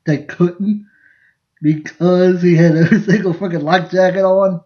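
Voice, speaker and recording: A man, hosting a podcast and telling rambling, laughing family stories in a casual live stream. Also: high voice. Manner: rambling, laughing, restarts mid-sentence. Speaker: podcast host. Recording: lo-fi dull sound.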